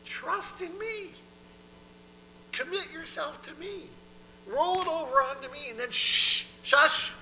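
A man voicing God as a calm, reassuring authority who hushes and gives short, firm commands. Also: extremely high pitch, measured pace, slight background noise, voice pushed up, full character voice, poor audio.

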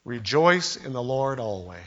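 A man's voice: mid-range voice, very animated, a little slow, highs cut off. An older man preaching a sermon as pastor, telling stories and acting out the quotes. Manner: storytelling preacher, acts out quotes with voices.

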